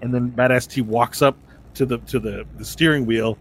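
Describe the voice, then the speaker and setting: Guy running a tabletop game, rambly narration, says uh a lot, makes boom noises. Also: steady tone, moderate pace. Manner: loose, rambling narration with fillers and sound effects. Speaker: game master.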